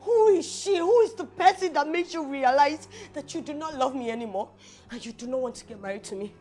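A woman's voice: a little high, steady tone, very fast, mellow, lightly acted. An actress with a Nigerian accent playing a young woman about to be jilted before her wedding, pleading and breaking into sobs in a film drama. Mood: distraught.

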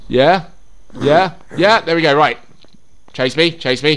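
A man's voice: medium pitch, a little fast. A young man giving casual, sweary commentary as he plays a survival game, talking to himself and the game. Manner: drops to a whisper while sneaking; shrieks and yells in panic during chases. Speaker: gaming YouTuber. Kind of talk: casual let's-play commentary.

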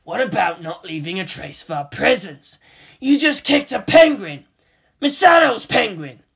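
A reader voicing an angry adult male spy who shouts in outrage and then makes threats. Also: mid-range voice, animated, normal speed, creaky, slightly rough, full character voice. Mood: outraged. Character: angry grown man, a hot-headed spy.

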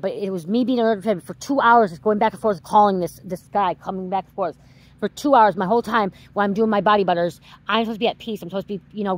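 A woman's voice: medium pitch, rough recording. A woman in her thirties or forties, a tarot reader venting in a casual vlog, swearing and tagging "okay?" onto her sentences.

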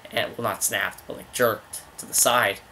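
A young man casually commentating his own hockey video game, rambling between excited outbursts at the plays. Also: lowish voice, moderate pace, creaky, a little hiss or hum. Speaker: gaming video host.

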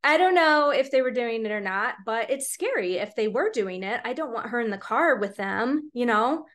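A woman in her forties is telling a story to her viewers in a loose, chatty way. She leans on lots of fillers. Her speaking voice sits a little higher than average. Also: a bit bright. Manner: chatty, rambling, filler-heavy. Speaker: vlogger and mother of teenagers. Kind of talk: casual storytelling to camera.

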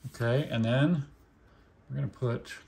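A man's voice: medium pitch, steady tone, measured pace, gravelly, a little mellow. A man with a mixed Oklahoma and Indiana accent, casually reading card names aloud one by one while opening packs and adding short remarks. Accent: Oklahoma and Indiana mix. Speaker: card collecting channel host. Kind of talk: casual pack-opening commentary.

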